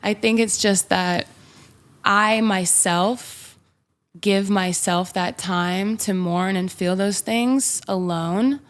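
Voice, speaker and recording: A woman's voice: mid-range voice, takes it slowly. A young woman from Mississippi, a podcast guest, talking openly and reflectively in casual chat with filler words. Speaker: podcast guest, singer-songwriter.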